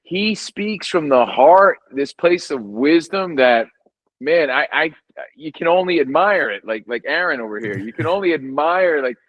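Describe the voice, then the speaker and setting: A man who is a sports radio host, a guest on a podcast, telling stories in an animated, emphatic casual chat. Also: fairly high pitch, measured pace, highs cut off. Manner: animated storyteller, lively and emphatic.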